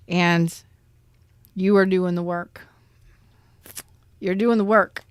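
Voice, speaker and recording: Earnest tarot reader woman, smooth low voice. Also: no room sound, studio quality. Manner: earnest, repetitive, emotional, addresses viewers directly. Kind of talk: tarot reading to camera.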